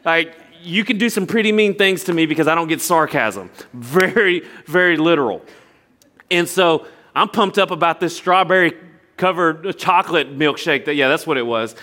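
Speaking at a moderate pace with a voice pitched a little high, a young pastor tells stories in his sermon. He does animated impressions of other people and makes earnest appeals.

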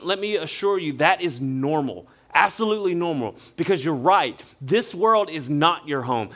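A male pastor, preaching a sermon in a relaxed, conversational storytelling way. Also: sits high. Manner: conversational storytelling, acts out quotes.

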